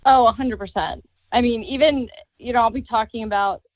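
A woman's voice: a little high, fairly quick, no room sound, narrow, tinny audio. A woman joining a podcast as a guest, agreeing often and laughing. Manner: giggly, agreeable. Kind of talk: casual chat.

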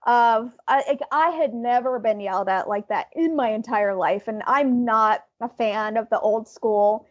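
High-voiced woman telling a story. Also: unhurried, highs cut off. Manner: animated, laughing as she tells a story. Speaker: podcast co-host. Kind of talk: casual storytelling chat.

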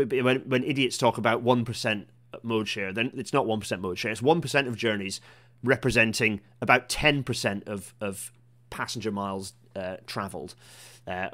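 A man's voice: fairly low pitch, fairly bright tone. A man hosting a casual rail chat stream, rambling and waffling with lots of fillers and restarts. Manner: waffling, self-interrupting, with many fillers and restarts.

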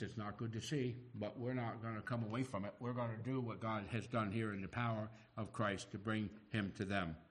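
Animated preacher man, low voice. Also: a little hiss or hum. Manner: animated, acts out quoted voices. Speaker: pastor. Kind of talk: sermon.

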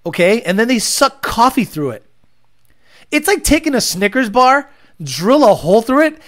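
A foul-mouthed livestream host rants through viewer comments in a loose, mocking chat style. The pitch moves a lot, rising and dropping with every jab. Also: big pitch swings, moderate pace. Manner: profane, ranting, mocking. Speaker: car tuning livestream host.

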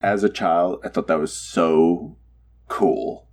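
Deep, husky, enthusiastic man. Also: slow, darkish tone. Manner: enthusiastic, gushing about favorite moments. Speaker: podcast co-host. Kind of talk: casual chat.

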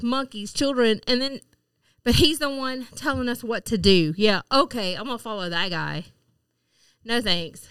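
Smooth-voiced, emphatic woman. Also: on the high side, fairly bright tone, no echo. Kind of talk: casual chat.

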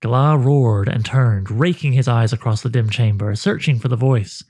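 A man narrating a dark fantasy story with a measured, dramatic delivery. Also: mid-range voice, breathy edge.

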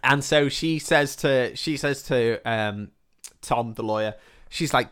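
A man's voice: mid-range voice, slow pace, a bit bright, clear, resonant tone. Rambling, sweary man retelling a film. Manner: rambling, sweary, quotes characters in passing. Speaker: podcast co-host. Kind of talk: casual chat retelling a film.

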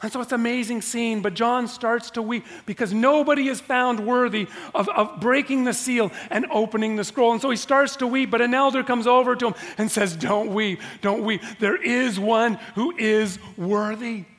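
A man preaches in a church with a very high-pitched voice. He drives his points home by repeating key phrases and pausing for effect. The sound rings with the long reverb of a church hall. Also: fairly even intonation, fairly bright tone. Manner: emphatic, repeats key phrases with dramatic pauses. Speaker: pastor. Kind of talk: sermon.

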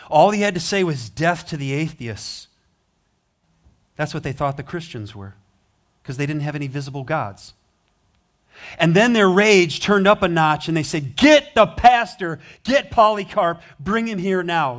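A man's voice: a little high, fairly bright tone. A man preaching a sermon in a church, telling a story with rising, emphatic passion. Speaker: pastor. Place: church sanctuary.

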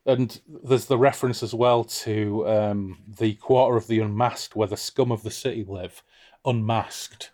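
A man's voice: lowish voice, fairly even intonation, measured pace, a little mellow. Chatty man discussing a book. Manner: chatty and amused, with frequent restarts. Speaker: podcast co-host.

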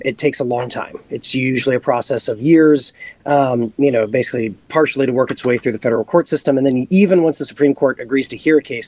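A man's voice: medium pitch, a little mellow. A man appearing as a guest on a podcast, patiently explaining a topic in casual talk with many ums and little acted-out quotes.

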